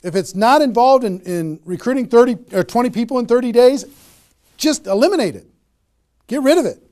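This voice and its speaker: Man, fairly high voice, motivational sales trainer, emphatic, repeats key phrases. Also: animated, a little fast, a little mellow. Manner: emphatic, repeats key phrases, frequent "okay?" check-ins. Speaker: network marketing trainer.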